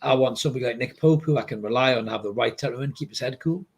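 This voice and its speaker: A man's voice: medium pitch, very fast, vocal fry, husky. A man with a Newcastle accent, born in Glasgow, co-hosting a casual football podcast, chatty and jokey, calling his co-host "mate". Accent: Geordie with Scottish roots. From born in Glasgow, raised in Newcastle.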